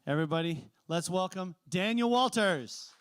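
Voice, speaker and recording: A man hosting a storytelling open mic, relaxed and joking as he brings on the next teller. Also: sits high, moderate pace, smooth. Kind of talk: live event hosting.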